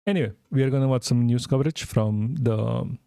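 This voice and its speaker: A man's voice: medium pitch, a little fast, gravelly, dark tone, clear, resonant tone, dry recording, clean studio sound. A young man from India streaming, reading news aloud and reacting with sarcastic, swearing commentary and bursts of disbelieving laughter.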